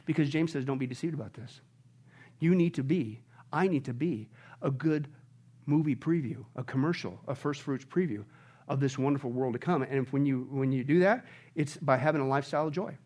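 A male pastor preaching a sermon, animated, swinging between bursts of shouted excitement and hushed asides. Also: mid-range voice, fairly quick.

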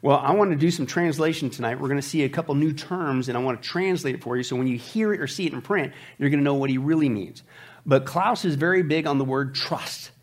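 A man's voice: on the high side, fast talker. Emphatic man hosting a commentary show. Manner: emphatic, preachy, addresses listeners as folks. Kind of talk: opinionated commentary.

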